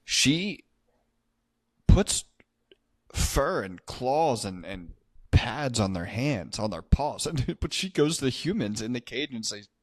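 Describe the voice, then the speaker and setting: A man's voice: mid-range voice, takes it slowly, dry recording, studio quality. A man co-hosting a casual horror movie podcast, swearing and joking as he retells a film's plot. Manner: crude, joking, animated storyteller. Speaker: podcast co-host. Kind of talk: casual movie review chat.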